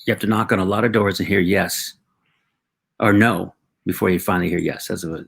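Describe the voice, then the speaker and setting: Middle-aged male guest, reflective storyteller, husky and gravelly delivery. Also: low-pitched, steady tone, fairly bright tone. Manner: reflective, halting, with frequent restarts and acted quotes.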